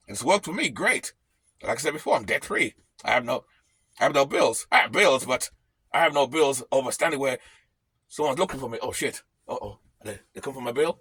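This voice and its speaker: A man's voice: a little high, sharp tone, husky, no room sound. A man ranting bluntly on his vlog from his camper van, swearing freely. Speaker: vlogger.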